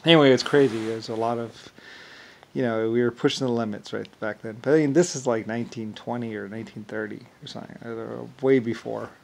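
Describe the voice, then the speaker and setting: Man with a gravelly, mid-pitched voice, rambling and halting through a loose monologue. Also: fairly even intonation, a little mellow, a little hiss or hum. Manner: halting, repetitive, many fillers and restarts; chuckles while telling stories.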